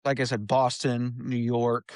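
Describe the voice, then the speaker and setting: A man's voice: medium pitch, completely flat delivery, unhurried, darkish tone, no echo, clean studio sound. A man from Indiana co-hosting a podcast in casual chat, rambling and trailing off into restarts as he talks. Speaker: podcast co-host.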